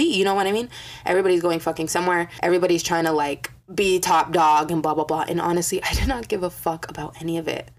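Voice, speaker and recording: A young woman telling a story in a casual vlog, swearing a lot and acting out quotes with animated energy. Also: fairly low pitch, fairly quick. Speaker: vlogger.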